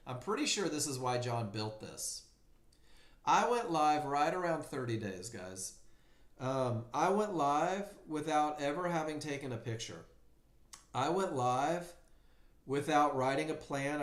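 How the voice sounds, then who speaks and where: A man's voice: mid-range voice, reverberant. A man teaching a live trading webinar, telling his own story candidly and acting out voices in his head. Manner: candid, animated storytelling with mock inner voices. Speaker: trading class instructor. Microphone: computer mic in a live stream.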